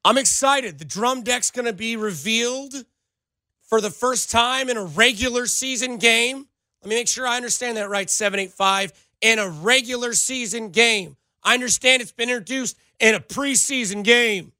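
A man's voice: extremely high pitch, normal speed, pushed and bright, no room sound. A man hosting sports talk radio, sarcastic and ranting as he answers listener texts. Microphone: studio microphone.

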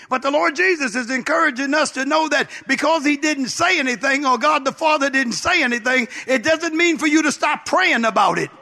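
High gravelly-voiced preacher. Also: male voice, animated, normal speed, pushed and bright. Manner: emphatic preaching with repetition and call-outs. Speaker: pastor. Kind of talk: sermon.

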